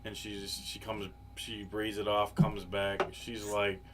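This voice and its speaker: A man's voice: lowish voice, completely flat delivery, unhurried, loud music behind the voice. A man co-hosting a podcast, telling a long, rambling, profane story in casual chat, full of fillers. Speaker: podcast co-host. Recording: live podcast, faint background noise.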